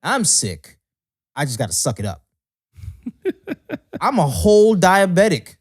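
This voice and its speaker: Animated, lively-pitched ranting man. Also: slow, husky, dry recording, clean studio sound. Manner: animated, profane ranting storyteller. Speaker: podcast co-host. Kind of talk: casual chat.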